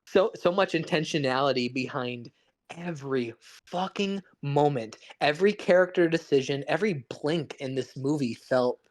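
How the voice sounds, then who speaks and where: A man's voice: a little high, moderate pace. A man co-hosting a podcast, talking casually and enthusiastically about a film, with lots of restarts and swearing. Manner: rambling, profane, enthusiastic with restarts. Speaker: podcast co-host. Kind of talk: casual chat.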